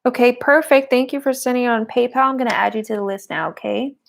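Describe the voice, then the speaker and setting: A woman's voice: fairly high pitch, fast talker, creaky. A woman giving a live-streamed tarot and oracle card reading, chatty and giggly, with a lot of "like" fillers.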